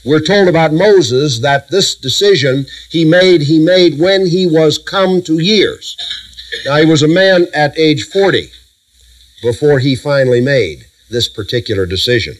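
A middle-aged man with a voice on the high side preaches a sermon, heard on a low-quality recording. He leads the congregation through Bible verses with emphatic lists and measured pauses.

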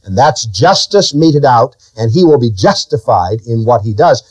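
A man preaches a sermon in an expressive, slightly rough voice at a moderate pace, with no room sound. He poses questions to his listeners and lets his pitch rise and drop suddenly for emphasis.

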